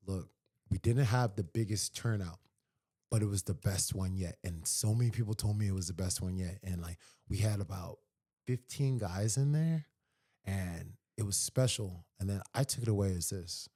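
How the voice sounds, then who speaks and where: A man's voice: low voice, moderate pace, mellow. A man as a podcast guest, talking sincerely and repeating phrases for emphasis. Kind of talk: casual podcast conversation.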